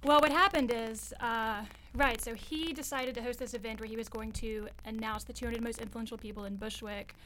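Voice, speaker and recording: A young woman reporter, a guest on a talk radio show, explaining a story in a measured way with fillers. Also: on the high side, fairly even intonation, fairly bright tone, slight background noise, low-quality recording. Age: young adult. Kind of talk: radio interview.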